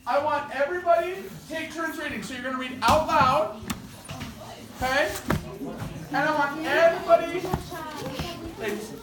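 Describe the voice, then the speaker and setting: A male teacher leading a classroom lesson, directing students and calling on them by name. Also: very high-pitched. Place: school classroom. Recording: very echoey classroom from far off, noisy.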